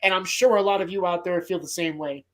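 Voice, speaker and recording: A man hosting a casual movie podcast, retelling film scenes with animated, profane, emotional enthusiasm. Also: sits high, a little fast. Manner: emotional, choked up at times. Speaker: podcast host.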